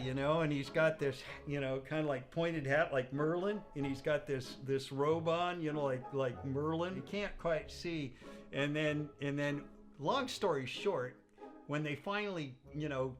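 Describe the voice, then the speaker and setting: Rambling man telling a wild story. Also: fairly high pitch. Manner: rambling, full of "you know", animated quoting. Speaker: interviewee. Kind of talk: casual anecdotal storytelling.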